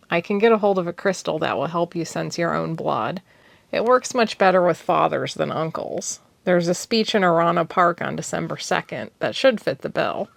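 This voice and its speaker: A woman's voice: lowish voice, creaky, no room sound. A woman reading the lines of a thoughtful young man, the blind heir of a magic-dealing family, in a level, reassuring way.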